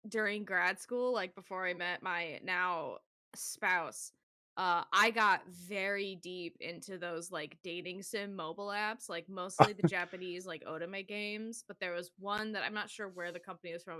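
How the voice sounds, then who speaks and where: A young adult woman co-hosting a casual podcast chat, animated and quick to laugh, swearing freely as she tells stories. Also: on the low side, clear, resonant tone, no room sound, clean studio sound. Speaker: podcast co-host.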